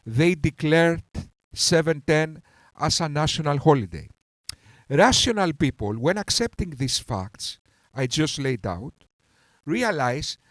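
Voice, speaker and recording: A man hosting a reaction commentary, talking with heated scorn and insults and swinging between outbursts and calmer stretches. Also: a little high, no echo. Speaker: commentary channel host.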